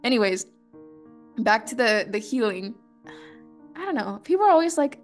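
A young woman hosting her podcast, talking in an earnest, chatty way with lots of fillers and soft asides. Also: on the high side, big pitch swings, moderate pace, pauses often, soft background music. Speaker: podcast host. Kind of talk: casual personal monologue.

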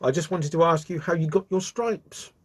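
A man's voice: fairly high pitch, moderate pace, slightly rough, voice pushed up. A man voicing a vain, eager young male bee in a children's storybook who keeps politely apologising.

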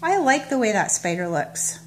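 A woman's voice: a little high, sing-song, normal speed, a little hiss or hum. A woman demonstrating card making, chatting casually as she works and narrating each step. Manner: chatty, self-narrating while working. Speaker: papercraft demonstrator. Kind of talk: casual crafting tutorial.

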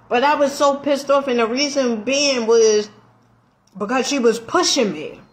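A middle-aged woman vlogging, telling a story in a casual, animated way, laughing often, with slang and emphatic swearing. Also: high voice. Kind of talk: casual storytelling chat while eating.

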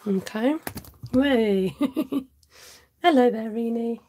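A woman demonstrates cardmaking live, talking casually to her viewers and answering their comments. Her voice sits fairly high but sounds warm and slightly husky. She narrates each step with self-mocking asides. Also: extremely slow. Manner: chatty, reads out viewer comments and answers them; talks aloud while working, with self-mocking asides.

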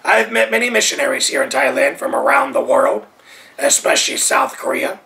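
With a mid-range, sing-song, gravelly voice and a brisk pace, an American preacher delivers a sermon in Thailand. He drives his points home through repetition, moving between loud emphasis and near whispers.

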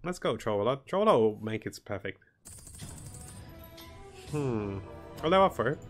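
A man's voice: medium pitch, sing-song, normal speed, faint music behind. Chuckling man streaming a strategy game. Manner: thinks aloud, chuckles often, greets viewers. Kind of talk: live gameplay commentary.

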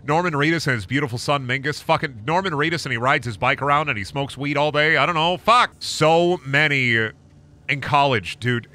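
A man's voice: fairly high pitch, brisk, sharp tone. A young adult man giving casual, rambling commentary while streaming a game, joking and swearing as he goes. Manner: rambling, joking, profane asides. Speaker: gaming streamer.

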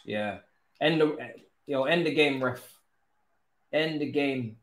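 Young man, live game commentary, exasperated groans and curses, slow delivery. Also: medium pitch, roomy sound. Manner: exasperated, groaning and swearing, swinging to loud cheers. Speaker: gaming streamer.

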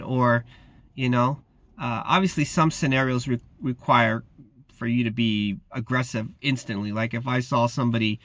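Man, security guard, casual slangy chat, mid-pitched voice, dry close sound. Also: fairly bright tone, no echo. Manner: laid-back, slangy, says "man" and "bro" often. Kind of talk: casual vlog talk.

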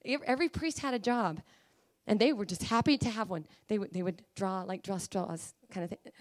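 A woman preacher delivering a sermon, emphatic and pleading, at times rising to high fervent cries. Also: lively intonation, a little fast.

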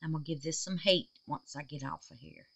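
A woman's voice: sits low, brisk, creaky, a bit bright, low-quality recording. A woman hosting a crafting vlog in her home art room, chatting with viewers and calling them baby and darling. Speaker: resin art channel host. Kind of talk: casual crafting vlog chat.

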